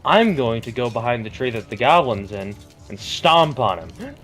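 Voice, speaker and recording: A man playing a tabletop game, talking casually and working out his moves aloud with hesitant fillers. His voice is mid-pitched, with faint music behind him. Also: very animated, moderate pace, fairly bright tone. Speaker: player.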